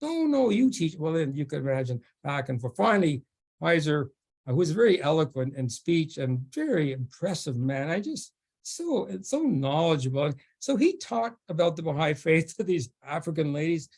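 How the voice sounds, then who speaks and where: A man with a slightly higher-than-usual voice tells a story to a forum audience. He stops and restarts often, stumbling over fillers, and laughs easily as the story goes on. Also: sing-song, darkish tone. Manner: halting, with many restarts and fillers. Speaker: guest speaker at a faith forum. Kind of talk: storytelling talk.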